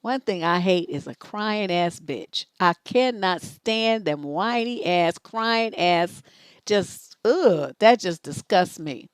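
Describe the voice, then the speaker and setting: A woman's voice: lowish voice, lively intonation, takes it slowly, clear, resonant tone, no room sound. A middle-aged woman hosting a live relationship advice stream, blunt, profane and scolding, acting out both sides of conversations. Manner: acts out both sides of dialogues.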